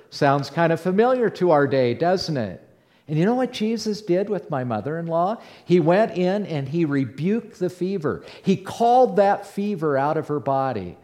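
A man playing the apostle Peter in a first-person dramatic monologue, telling his story in an animated way that swings between hushed and loud. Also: sits high. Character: the apostle Peter, bold outspoken fisherman. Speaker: preacher in character.

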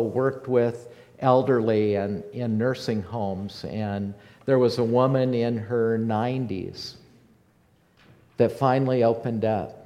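A male pastor preaches in a slow, unhurried cadence, leaning on repeated lines for emphasis. His voice rings out with a long reverb tail from a large hall. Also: medium pitch, dark tone. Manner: preaching with rising fervor, repeating phrases. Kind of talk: sermon.

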